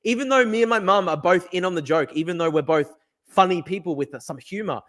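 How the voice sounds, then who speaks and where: A young man hosts a livestream and reads out viewer comments. He talks very fast in a brash, laughing way and swears freely. His voice sits fairly high for a man. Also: a bit bright. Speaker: host. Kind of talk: livestream chat.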